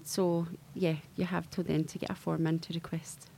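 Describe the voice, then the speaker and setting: A woman's voice: deep voice, level tone, normal speed, creaky, dark tone, husky. A woman, a charity project worker, answering radio interview questions in an easygoing way with many ums.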